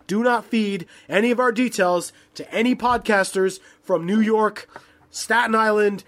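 Brash, sweary man, high voice. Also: steady tone, a little slow, a bit bright. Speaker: podcast co-host. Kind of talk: casual podcast banter.

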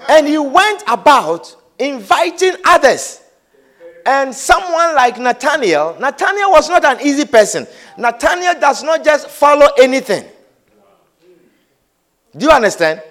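A man's voice: extremely high pitch, big pitch swings, measured pace, fairly bright tone. A man preaching a sermon, repeating himself emphatically and asking his listeners whether they understand. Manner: repetitive, emphatic, asks the audience "do you understand?". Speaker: pastor.

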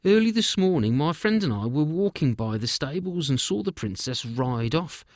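A man's voice: a little high, very animated, normal speed, dry recording, clean studio sound, voice pushed up. A man voicing a sly court spy in a storybook, chatty and offhand.

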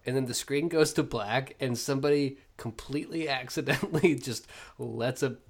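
Man, podcast guest, gravelly voice, animated, laughs through his stories. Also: mid-range voice, moderate pace. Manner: animated, laughing anecdote teller. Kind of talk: casual chat.

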